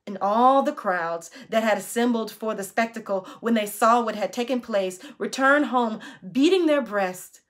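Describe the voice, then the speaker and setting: A woman reading scripture aloud in a church, slow, solemn and deliberate. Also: a little high. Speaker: scripture reader.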